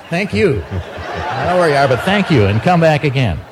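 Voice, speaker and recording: A man's voice: mid-range voice, sing-song, measured pace, crowd noise, background noise. A man doing a stand-up monologue of joke news headlines, dry and self-mocking between the punchlines. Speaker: comedian.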